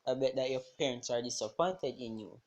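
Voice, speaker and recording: A man's voice: medium pitch, brisk, darkish tone, lo-fi sound, close to an everyday voice. A man doing a sneering teenage bully. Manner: sneering, taunting. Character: rude boastful teenage boy, sneering bully.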